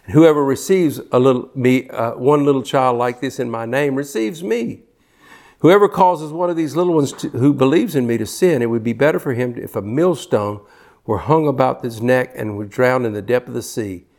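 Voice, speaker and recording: A man's voice: medium pitch, moderate pace, creaky, darkish tone. Fervent older male preacher. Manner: fervent, repeats words as he builds a point. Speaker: pastor. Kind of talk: sermon.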